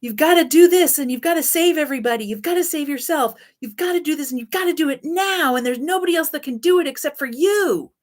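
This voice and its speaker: A woman voicing trauma as a scared little child, shouting urgent demands. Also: sits high, fast talker, hardly any pauses, voice pushed up, lightly acted. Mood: frantic, urgent.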